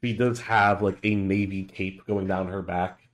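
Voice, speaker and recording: A man's voice: sits low, steady tone, measured pace, background noise. A young man running a tabletop game as game master, casual and hesitant with many fillers.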